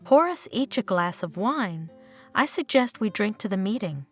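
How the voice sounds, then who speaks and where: A woman's voice: medium pitch, sing-song, moderate pace, fairly bright tone, faint music behind. A woman reading the part of a pushy, meddling older mother who nags her son. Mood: sweet. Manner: insistent, nagging.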